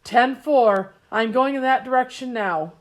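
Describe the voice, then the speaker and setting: A steady male fire captain gives his reports in a calm, matter-of-fact voice, as a woman narrator puts him on. The tone stays level and firm in this storybook reading. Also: fairly high pitch, measured pace, lightly acted.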